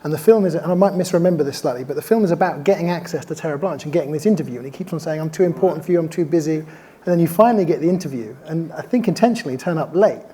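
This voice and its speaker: A documentary filmmaker speaking on a festival panel, telling stories quickly and enthusiastically, often correcting himself mid-sentence. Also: male voice, fairly high pitch, lively intonation, warm tone. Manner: rapid, enthusiastic, self-correcting storytelling. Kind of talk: casual panel discussion.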